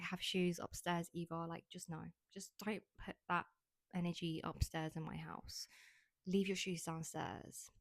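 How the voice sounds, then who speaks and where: Casual woman host, young, lowish voice, dry close sound, rambling and candid, filler-heavy chat. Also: no room sound. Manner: chatty, frank, heavy use of "like". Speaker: podcast host. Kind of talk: casual monologue.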